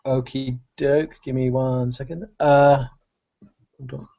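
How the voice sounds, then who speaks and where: A man at a tabletop game describes a character in bursts, halting and restarting with lots of fillers. His mid-range voice comes through a dull, lo-fi mic. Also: mid-range voice, vocal fry. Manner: halting, animated, full of fillers. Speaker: player.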